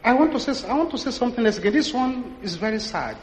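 A Nigerian man in his sixties, a pastor telling stories in an animated sermon and acting out the dialogue. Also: very high voice, quick pace, a little hiss or hum. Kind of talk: sermon storytelling. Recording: echoey hall, dull lo-fi sound.

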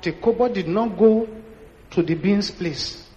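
A Nigerian pastor in his sixties preaches in a high voice, telling stories with lively, acted-out dialogue. His voice echoes around a large hall, and the recording is dull and lo-fi with faint noise behind it. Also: a little slow. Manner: animated, acts out dialogue. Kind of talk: sermon storytelling.

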